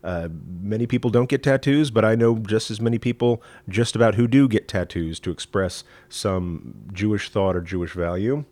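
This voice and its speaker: A rabbi from East Texas with a Southern accent, hosting a live-streamed teaching talk in a folksy, rambling way with many fillers. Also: male voice, fairly low pitch, normal speed, hardly any pauses, a little mellow, no echo. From East Texas, USA. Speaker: rabbi and show host.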